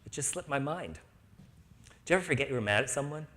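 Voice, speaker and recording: Man, spiritual speaker at a live talk; playful, very animated pitch, slips into little voices. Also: fast. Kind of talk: inspirational talk to a live audience.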